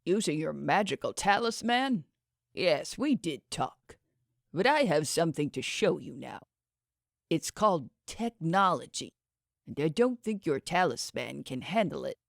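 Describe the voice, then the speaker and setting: A woman voicing a smooth, condescending male schemer who talks others into his plans. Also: sits low, very animated, a little slow, no room sound, studio quality, heavily acted. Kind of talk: audiobook character voice.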